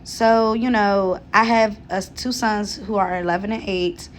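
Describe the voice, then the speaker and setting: A woman's voice: medium pitch, steady tone, a little slow, a little hiss or hum. A pregnant woman in her thirties telling a personal story in a casual vlog, earnest and talkative, with many fillers and restarts. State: seven months pregnant. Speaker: vlogger.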